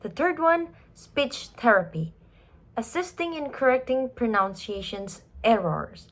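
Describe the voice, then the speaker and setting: A woman giving a class presentation, emphatic and expressive, dwelling on each example word. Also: on the high side, a little slow. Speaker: student presenter.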